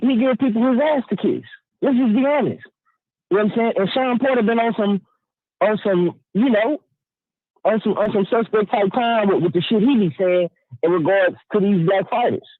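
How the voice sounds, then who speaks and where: A man with a high voice ranting hard over a tinny phone line. He talks emphatically and swears freely, stumbling into repeated restarts as he pushes his point. The sound is dry and close, with no room around it. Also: no room sound. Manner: emphatic, profane, stammering restarts, keeps asking "you know what I'm saying". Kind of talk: heated opinion rant.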